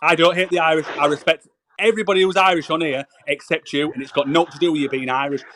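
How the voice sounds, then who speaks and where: A man's voice: fairly high pitch, steady tone, fast, fairly bright tone, a little hiss or hum. A man arguing heatedly on a live voice call, lecturing his opponent and repeating his name. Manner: combative, lecturing, repeats the other man's name. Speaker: chat moderator in a live stream argument. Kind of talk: heated live-stream argument.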